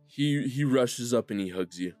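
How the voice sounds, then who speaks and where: A young man running a tabletop game, his voice lively and wide-ranging as he narrates. The sound is dry and close, with faint music underneath. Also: mid-range voice, normal speed, no room sound. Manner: lively, laughing storyteller. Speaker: game master.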